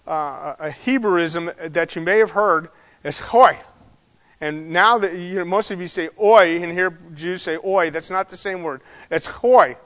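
A man's voice: high-pitched, a bit bright. A man teaching a Bible class in a loose, conversational way, full of fillers and asides. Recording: dull sound in a large reverberant hall.

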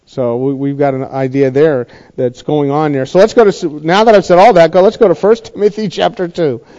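A man's voice: fairly high pitch, fairly quick, mellow, muffled recording. A middle-aged man preaching a sermon in a conversational way, often asking the congregation questions. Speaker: pastor.

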